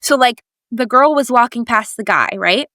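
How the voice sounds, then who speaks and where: A young woman with a fairly high voice co-hosts a casual faith podcast, speaking at a moderate pace in a dry recording. She tells a story animatedly, saying "like" a lot and acting out the voices of the people in it.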